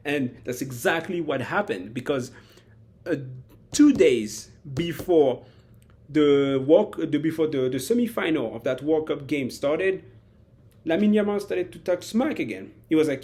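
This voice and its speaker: A man with a fairly high voice talks through a football match in a loose, rambling way. He stops and restarts his sentences and drops into little acted-out quotes as he goes. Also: expressive, moderate pace, a little mellow. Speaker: football commentator. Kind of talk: casual spoken analysis.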